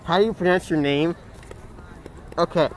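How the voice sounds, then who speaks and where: Guy hosting a podcast, rambly jokes, kinda high voice. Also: slight background noise. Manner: jokey, rambling, quick to laugh. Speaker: podcast host. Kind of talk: casual chat.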